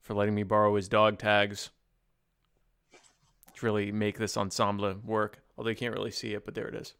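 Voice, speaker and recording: A man's voice: lowish voice, monotone, normal speed, a bit bright, clear, resonant tone, no echo. Dry-joking male podcast co-host. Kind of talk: casual comedic chat.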